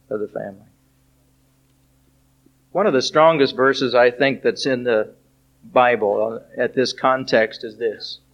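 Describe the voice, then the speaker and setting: A middle-aged man preaching a sermon, telling stories about his family and reciting song lyrics in an earnest, slow manner. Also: mid-range voice. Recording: dull lo-fi recording.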